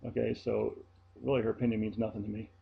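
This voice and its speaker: A man with a low, gravelly voice talks casually to his viewers. He tells the story in a chatty, blunt way. The sound is dull and lo-fi. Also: little pitch movement, fast talker. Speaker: vlogger and flight attendant. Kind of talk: casual vlog monologue.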